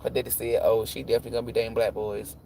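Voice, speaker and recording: A man's voice: on the low side, little pitch movement, very fast, gravelly, background noise. A man hosting a tarot livestream, chatting casually and telling profane stories. He laughs often and acts out the voices of the people he quotes.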